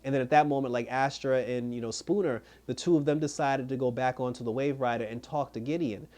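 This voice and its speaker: A man's voice: mid-range voice, brisk, a little mellow. A man reviewing a TV episode in a rambling, casual recap, acting out the characters' lines as he retells them. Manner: rambling retelling, acts out quoted dialogue. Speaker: TV show reviewer.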